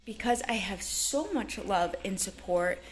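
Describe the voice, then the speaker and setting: A woman's voice: mid-range voice, expressive, unhurried. A woman vlogging casually on her ranch, talking earnestly and chattily with lots of fillers. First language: English. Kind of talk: casual chat to camera. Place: ranch in Mexico.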